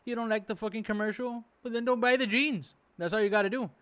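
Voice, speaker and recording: A man's voice: sits high, fairly even intonation, fast, a bit bright, clean tone. A man giving a rambling, profane reaction commentary, indignant and exasperated, with lots of fillers. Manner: indignant, exasperated, swears freely. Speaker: reaction video host.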